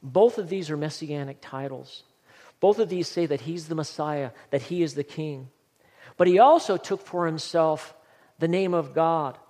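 Male pastor, emphatic sermon delivery, a touch high-pitched, recorded with long reverb in a church sanctuary. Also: normal speed, mellow. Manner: earnest, emphatic preaching with scripture reading.

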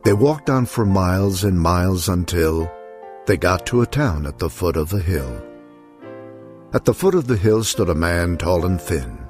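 A man with a very deep voice reads a rhyming storybook poem in a measured, sing-song rhythm. Soft music plays faintly behind him. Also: lively intonation.

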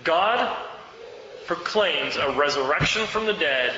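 A man's voice: a little high, lively intonation, slow, sharp tone, a little hiss or hum. A man preaching a sermon, fervent and exhorting, urging his listeners to act. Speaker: pastor. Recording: echoey hall, dull sound.

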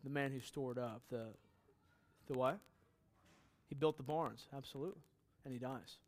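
A middle-aged male pastor teaching a Bible passage in a relaxed, conversational way, with joking asides and questions to the congregation. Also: medium pitch, moderate pace.

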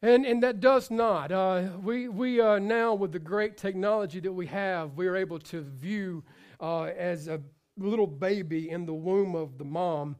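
A male pastor preaching a sermon, passionate and repetitive, swinging between loud exhortation and quiet asides, joking with the congregation. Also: sits high, unhurried, clean tone. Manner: repeats phrases for emphasis, jokes with the congregation.

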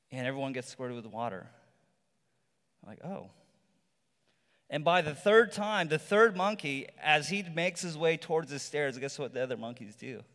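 A male pastor giving a sermon in a relaxed, conversational storytelling manner, with rhetorical asides to the congregation. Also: a little high. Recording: long reverb from a large hall.

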